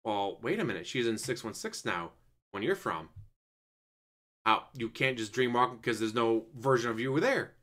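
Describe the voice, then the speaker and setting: A man recapping and reviewing a movie in a casual, animated way, swearing now and then and acting out bits of scenes. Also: mid-range voice. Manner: animated, acts out scenes in quick mock voices.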